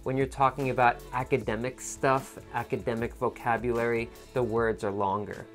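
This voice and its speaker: A man teaching in a video lesson, with a voice of middling pitch and a patient, explaining manner. He breaks down word stress for test takers and says example words again and again to model them. Soft music sits faintly behind him. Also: flat delivery, moderate pace.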